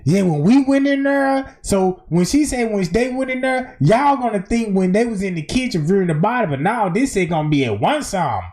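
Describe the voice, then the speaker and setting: A man giving animated, slangy commentary on a clip during a livestream, exclaiming and cutting in. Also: high voice, normal speed, hardly any pauses. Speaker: stream host reacting to a clip.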